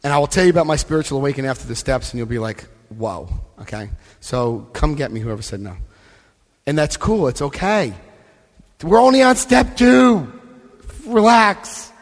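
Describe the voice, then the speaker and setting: A man's voice: mid-range voice, animated, fast talker. Emphatic man in a reverberant hall. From Florida, US. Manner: emphatic, often checks in with "Okay?"; directs listeners through book pages. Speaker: recovery convention speaker. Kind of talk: live talk to a convention audience. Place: large convention hall with an audience. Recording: long hall reverb from a live talk.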